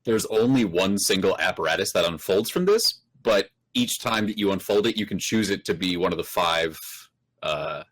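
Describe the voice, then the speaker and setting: A man narrating a tabletop game as game master, in a relaxed and descriptive way. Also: low-pitched, moderate pace.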